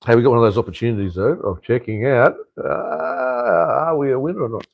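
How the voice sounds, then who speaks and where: A middle-aged livestream host talks casually in an expressive, gravelly, medium-pitched voice, a little fast. The audio is lo-fi with slight hiss or hum, and he rambles, swears freely, and fills it with ums and restarts.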